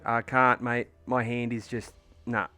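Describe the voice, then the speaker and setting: An Australian man paints miniatures on a livestream from home, chatting casually and rambling through a story full of swearing and fillers. His mid-range voice is level and sharp, paced in a measured way, with soft music in the background.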